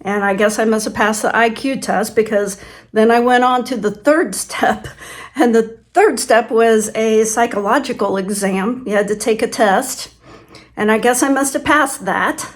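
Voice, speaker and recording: A woman's voice: on the high side, normal speed. An older woman from Kansas, telling stories in a casual vlog, chatty and laughing often as she acts out quoted voices. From Kansas, USA. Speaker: channel host. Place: farm home.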